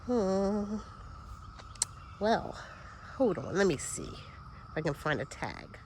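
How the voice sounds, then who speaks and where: A woman's voice: medium pitch, sing-song, slow, a little hiss or hum. A woman giving a casual tour of her vegetable garden outdoors, chatty and easily distracted, sniffling a little as she talks.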